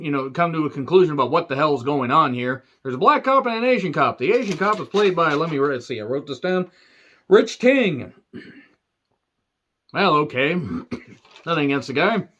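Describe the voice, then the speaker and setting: A man's voice: fairly high pitch, big pitch swings, normal speed, bright, forceful tone, lo-fi sound. A man giving a sarcastic, rambling movie review rant full of asides.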